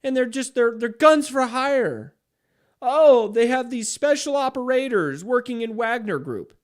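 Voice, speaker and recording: A man's voice: lively intonation, unhurried. A man doing a mocking impression of a whiny, preachy leftist. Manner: sneering, high-pitched mockery.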